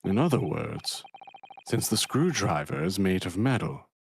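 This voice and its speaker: A man's voice: low voice, big pitch swings, unhurried, vocal fry, a little hiss or hum, full character voice. A man voicing a smug courtroom prosecutor in a casual game dub, asking arch, sardonic questions. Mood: explaining.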